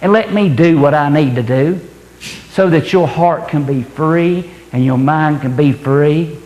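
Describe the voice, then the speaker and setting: A man's voice: a little high, measured pace, a little mellow, highs cut off, lightly acted. A man voicing God as a stern, fatherly male figure, blunt and plain-spoken, recorded in an echoey hall. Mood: calm. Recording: echoey hall, roomy reverb.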